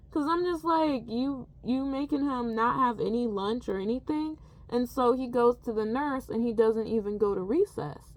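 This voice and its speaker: A woman who works as a teaching assistant retells something that happened at school in a casual storytime vlog, acting out what other people said. Her voice is on the high side, with no room sound.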